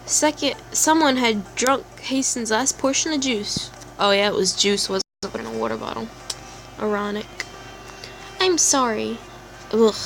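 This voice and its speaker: A woman's voice: a little high, a little slow, a bit bright, a little hiss or hum. A woman playing a story game, reading its text aloud and chatting with giggly side comments. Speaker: let's play gamer.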